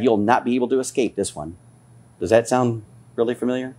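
A man preaching a fiery, scolding sermon as a pastor, his voice climbing higher as his intensity builds. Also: fairly quick, mellow.

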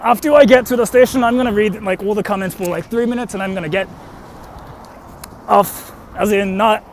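Heading down a street toward a station, this young man, who works as a freelance translator and voice actor, vlogs into his handheld phone. He rambles with fillers and questions himself, and his high voice runs a little fast over slight background noise.

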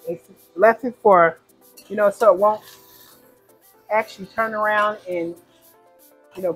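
A woman's voice: mid-range voice, breathy edge, rough recording. A woman cooking at the stove in a home kitchen, chatting casually and narrating each step for her viewers. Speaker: home cook.

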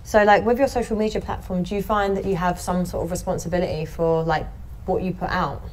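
A woman's voice: lowish voice, fairly even intonation, fairly quick, a little mellow, a little hiss or hum. Earnest young woman asking probing questions. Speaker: interviewer. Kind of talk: casual interview chat.

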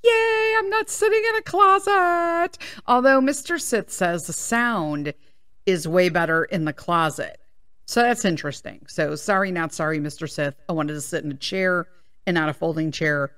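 A woman in her fifties hosts her own solo podcast from a small home studio, talking into a microphone casually and candidly and swearing freely. Her voice sits low and a bit bright, at a normal speed.

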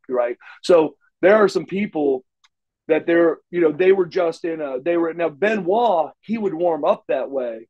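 Middle-aged male interview guest, a bit higher-pitched than most men, loose and profane, full of restarts. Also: unhurried, dull audio. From Oklahoma, USA. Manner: rambling, restarts often, salty language. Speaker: interview guest, former wrestler. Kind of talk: shoot interview storytelling.

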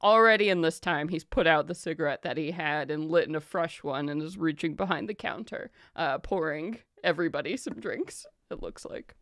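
A woman narrating as game master, relaxed and descriptive with many fillers. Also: sits low, moderate pace, few pauses, no echo, clean studio sound.

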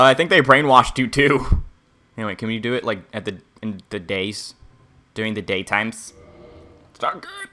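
A male game streamer rambling crudely to his viewers between jokes. His voice sits at a middling pitch and sounds bright and forceful. He talks loosely and swears freely. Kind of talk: casual livestream gameplay commentary.

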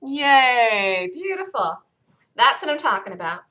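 Animated, excitable woman calling live trades. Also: fairly high pitch, moderate pace. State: losing her voice. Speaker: day trading show host. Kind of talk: live trading commentary.

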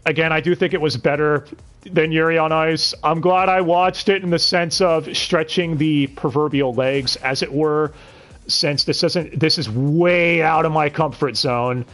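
A man's voice: on the high side, fairly even intonation, measured pace, fairly bright tone. Blunt, swearing man reviewing a show. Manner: blunt and swearing, with bursts of incredulous exclamation. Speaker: podcast host reviewing an anime dub. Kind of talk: casual review talk.

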